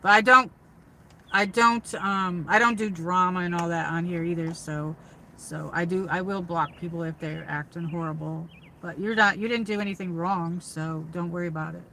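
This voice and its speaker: A woman's voice: lowish voice, fairly even intonation, moderate pace, gravelly, sharp tone, a little hiss or hum, low-quality recording. Chatty woman livestreaming from her car. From upstate New York. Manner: rambling, chatty, many fillers and restarts. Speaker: livestream host. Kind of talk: casual livestream chat.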